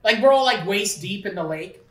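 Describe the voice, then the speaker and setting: On a casual podcast, a host from Ontario's Niagara region tells long, rambling stories packed with filler words and swearing. His voice sits high and sounds animated and brisk. The audio is roomy, as if the mic were distant.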